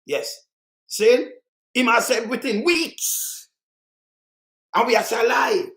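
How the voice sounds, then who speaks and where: A man's voice: very high-pitched, takes it slowly, creaky, fairly bright tone. Angry jamaican guy ranting about politics, mocking and repetitive, echoey room. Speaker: political commentator. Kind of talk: heated political commentary.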